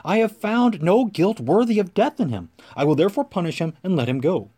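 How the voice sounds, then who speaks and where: A man's voice: high-pitched, big pitch swings, brisk, warm tone, breathy edge, voice pushed up, exaggerated voice. A man reading the lines of a male Roman governor who keeps pleading and questioning. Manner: questioning, insistent.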